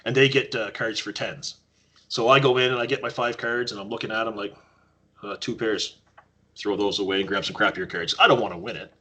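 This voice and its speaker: Husky Canadian man telling stories. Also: lowish voice, a little fast. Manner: animated storyteller acting out quotes. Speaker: podcast guest. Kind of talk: casual storytelling.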